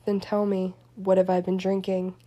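A smug young wizard with a mellow drawl, as a woman reader puts him on. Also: mid-range voice, monotone, moderate pace, close to an everyday voice. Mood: drunk, teasing. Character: young male wizard, smug, cool, teasing.

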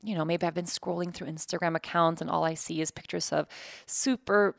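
A woman's voice: fairly low pitch, steady tone, brisk, creaky, dry recording, studio quality. A woman host and yoga teacher talking openly and reflectively about her own life, searching for words with fillers and restarts. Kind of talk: candid personal reflection.

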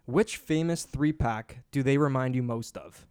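A man with an average-pitched voice co-hosts a casual sports betting podcast. He rambles, corrects himself and swears easily, recorded close and dry. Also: unhurried, a little mellow, clean tone, no room sound. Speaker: podcast co-host.

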